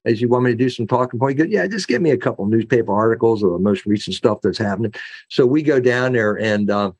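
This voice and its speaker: Speaking quickly in a mid-range voice that's a little mellow with a breathy edge and lively intonation, a middle-aged man recounts stories during an interview. He's a former sheriff who rambles, restarts, uses many fillers, and performs others' lines; there's no room sound.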